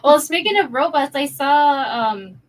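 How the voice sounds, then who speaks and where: A woman co-hosting a livestream chat, chatty and quick to laugh. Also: high-pitched, animated, faint music behind.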